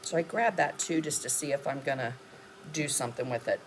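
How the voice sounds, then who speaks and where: A woman's voice: a bass voice, fairly quick, a little hiss or hum. A woman hosting a live mixed media art demonstration, chatting and thinking aloud as she works and answering viewer comments. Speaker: mixed media artist and host.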